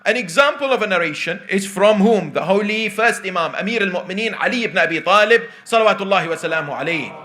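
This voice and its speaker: A male preacher giving a sermon, telling a story with dramatic dips into hushed tones and asking the congregation questions. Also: high-pitched, expressive, quick pace, few pauses.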